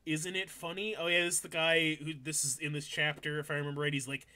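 Bright, high-voiced joking man. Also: steady tone, fast talker. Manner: sarcastic, swearing, breaks into silly voices. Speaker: anime commentator reading subtitles aloud. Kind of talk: casual riffing over an anime, doing voices.

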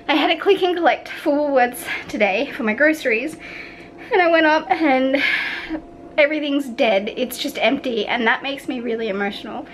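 High-voiced woman vlogging. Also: expressive, moderate pace, slight background noise, rough recording. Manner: candid, rambling, swears freely. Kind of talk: casual vlog chat to camera. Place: at home in an apartment.

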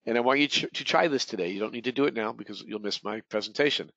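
A man's voice: mid-range voice, quick pace, creaky, a bit bright, no echo. A man leading a real estate training webinar, talking in a rambling way with many restarts and repeated words. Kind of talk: webinar presentation. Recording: dull, lo-fi webinar audio.

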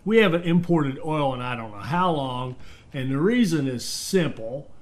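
A man's voice: fairly high pitch, expressive, moderate pace. Man rambling through a let's-play. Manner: rambling, thinks aloud with fillers and restarts. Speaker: game commentator. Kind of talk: casual let's-play commentary.

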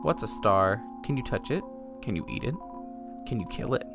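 A man giving excitable, jokey, swearing commentary while playing a video game. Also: fairly low pitch, moderate pace, gravelly. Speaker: let's play gamer. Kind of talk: casual gameplay commentary. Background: game music.

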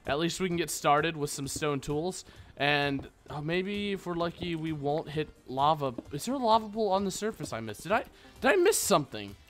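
A young man rambles through a game, cracking goofy jokes at his viewers. His voice sits a bit high and comes across bright and sharp. A little music plays quietly underneath. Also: lively intonation, moderate pace. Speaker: gaming channel host. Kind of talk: casual let's play commentary. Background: faint background music.

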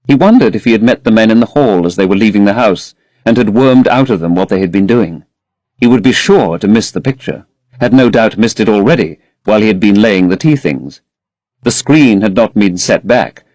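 A man narrating a classic novel as an audiobook in a measured, expressive way. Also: fairly low pitch, no room sound.

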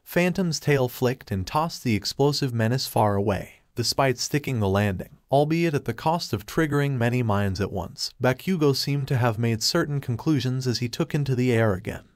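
A man's voice: medium pitch, lively intonation, normal speed, few pauses, no echo. Dry-voiced male fanfiction narrator. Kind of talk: reading fanfiction aloud.

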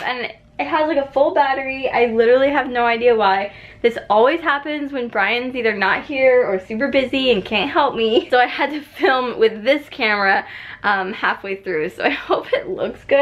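A woman's voice: fairly high pitch, highs cut off. A young woman and stay-at-home mom chatting casually to camera at home, laughing often and saying "like" a lot. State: out of breath. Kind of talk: casual vlog chat. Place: home, indoors.

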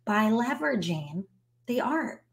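A woman playing a calm, steady man who explains his point evenly. He speaks in a soft, measured way and never raises his voice. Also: on the high side, gravelly, full character voice. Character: calm, steady husband and artist.

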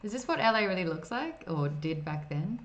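A woman's voice: on the low side, sing-song, brisk. A woman chatting casually while streaming an old computer game and reading chat. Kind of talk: casual gameplay commentary. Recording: slightly dull streaming mic audio with faint noise.

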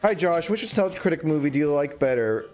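A man's voice: fairly high pitch, lively intonation, quick pace, darkish tone, soft background music. A man livestreaming a game in casual chatter, joking around, reading chat aloud and breaking into sudden squeals and yelps.

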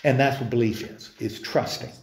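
A man's voice: mid-range voice, fairly even intonation, normal speed, reverberant. Man teaching a church Bible class. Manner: conversational, many restarts, asks the group questions. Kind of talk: informal Bible study class. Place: church meeting room.

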